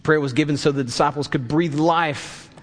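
A man's voice: on the high side, moderate pace. Pastor, male, storytelling sermon, voices the people in his anecdote, long hall reverb. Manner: storytelling, acts out voices in quotes.

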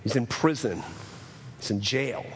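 A man preaching a sermon as pastor, earnest, repeating phrases, moving between raised proclamation and hushed asides. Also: medium pitch, unhurried, slight background noise. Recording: long hall reverb.

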